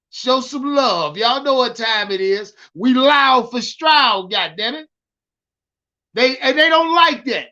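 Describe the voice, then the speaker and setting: A man hosting a live stream, loudly hyped and swearing as he ranted about football and answered his chat. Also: very high-pitched, lo-fi sound. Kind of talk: profane live-stream sports rant.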